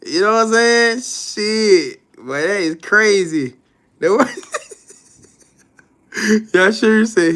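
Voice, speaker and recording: A man talks casually to his live-stream audience, answering their comments one by one. His voice sits high and sounds bright and forceful. He is loose and profane, and he often laughs as he reacts. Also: lively intonation, slow, pauses often, clear, resonant tone. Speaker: livestream host reading viewer comments.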